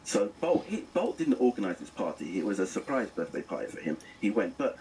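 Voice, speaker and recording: A middle-aged man as a radio guest, earnest and animated, telling stories as he reviews the news. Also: lowish voice, a little fast, recorded from a distance, slight background noise, rough recording. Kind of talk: casual radio chat.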